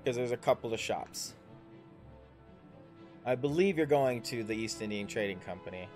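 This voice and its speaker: A man's voice: medium pitch, animated, moderate pace, a little mellow, faint music behind. A man running a tabletop game as dungeon master on a livestream, coaching his players in an instructive way.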